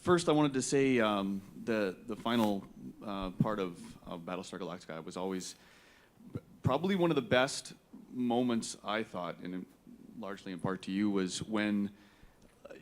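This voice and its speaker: Halting fan asking a question. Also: male voice, on the low side, expressive. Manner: halting, many restarts and fillers, admiring. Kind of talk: audience question at a panel. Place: convention hall.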